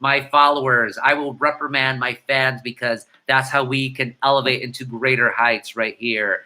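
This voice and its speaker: A middle-aged man, casually answering viewer comments with irreverent, rapid-fire banter and slipping between Spanish and English. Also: medium pitch, steady tone, bright, forceful tone. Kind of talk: casual live-stream chat.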